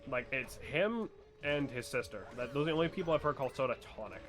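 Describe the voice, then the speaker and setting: A man's voice: mid-range voice, lively intonation, quick pace, music in the background. A young man from New Hampshire with a New Hampshire accent, chatting casually and rambling, swearing and laughing over gameplay. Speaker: let's play co-host.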